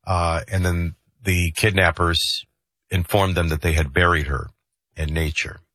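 A man's voice: deep voice, steady tone, measured pace, fairly bright tone, no echo. A man hosting a morning talk radio show, chatting casually about sports and reading the news. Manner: chatty, conversational, with frequent restarts. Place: radio studio. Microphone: studio microphone.

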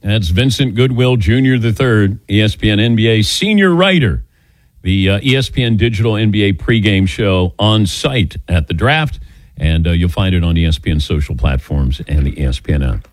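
Low-voiced easygoing male sports radio host. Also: no echo. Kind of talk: casual radio talk.

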